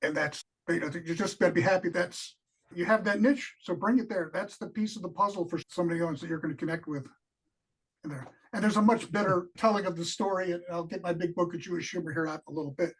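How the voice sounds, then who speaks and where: A man's voice: sits high, quick pace, husky, low-quality recording. A man co-hosting a podcast interview in a casual, rambling way, encouraging the guest and telling jokes and anecdotes.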